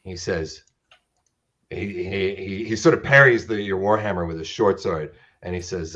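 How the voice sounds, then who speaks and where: Low-voiced man running a tabletop game. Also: animated, fairly bright tone, muffled recording. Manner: halting, many restarts and fillers. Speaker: dungeon master.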